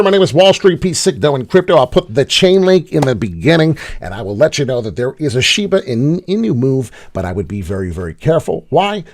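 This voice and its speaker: A man's voice: mid-range voice, a little mellow. A man giving brash, profane, rambling crypto trading commentary from his home. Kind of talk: casual market commentary.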